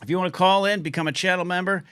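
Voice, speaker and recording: A middle-aged man hosting a live call-in stream, chatting loosely and reading out chat names, his throat a little scratchy from shouting. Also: sits high, fairly even intonation, clean tone, no room sound. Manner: chatty, quick asides, reads out chat names. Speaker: livestream call-in show host. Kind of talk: casual rambling live-stream talk.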